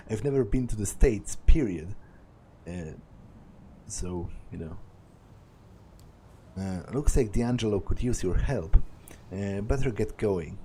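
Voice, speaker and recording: A man's voice: lowish voice, warm tone, slight background noise. A young man reading a visual novel aloud and commenting as he goes, thinking aloud with hesitant restarts. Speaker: let's play narrator.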